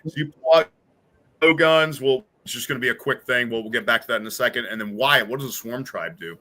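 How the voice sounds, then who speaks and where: A chatty man running a tabletop game with a bright, forceful voice. He reads flavor text and explains rolls at a middle pitch, with lots of fillers along the way. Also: fast talker. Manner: chatty, laughs easily, many fillers. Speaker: game master.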